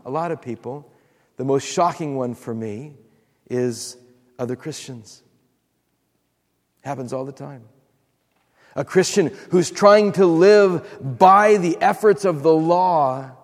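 A man's voice: fairly high pitch, slow pace, pauses often, long reverb tail. A man preaching a sermon as pastor, acting out quotes and repeating words for emphasis.

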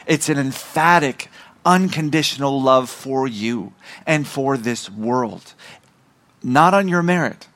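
A middle-aged man, a visiting missionary, preaching a sermon and slowing down to stress key words. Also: mid-range voice, a bit bright. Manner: emphatic, slowing and rising on key phrases.

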